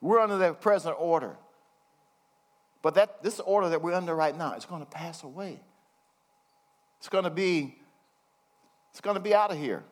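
Casting: older male preacher with a slightly high voice, folksy and chuckling, reads scripture slowly. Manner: folksy, chuckling asides, slows down to read verses. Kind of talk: conversational sermon with scripture reading.

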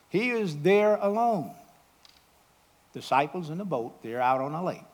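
A man preaching a sermon, calling out questions to the congregation and swinging from loud, exclaiming passages to hushed asides. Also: high voice.

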